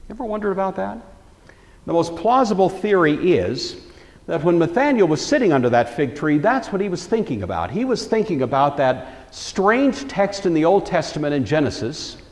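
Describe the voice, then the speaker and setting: A man's voice: on the high side, very animated, normal speed, big-room sound. A man teaching a Bible lecture in a conversational storytelling way, acting out the quoted lines.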